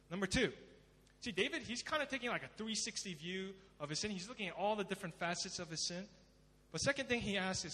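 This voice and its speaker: Male pastor, high voice, dramatic sermon delivery, long hall reverb. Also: lively intonation, fast, slightly rough. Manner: dramatic, swings from loud emphasis to hushed pleading.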